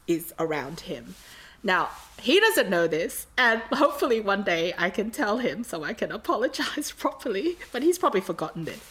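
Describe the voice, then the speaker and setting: A woman's voice: medium pitch, a bit bright. A woman from Australia, telling a long rambling story in casual chat with lots of fillers.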